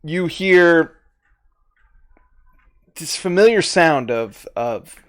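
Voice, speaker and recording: A man's voice: a little high, animated, extremely slow, no room sound, studio quality. A man running a tabletop game as game master, narrating easily and laughing often.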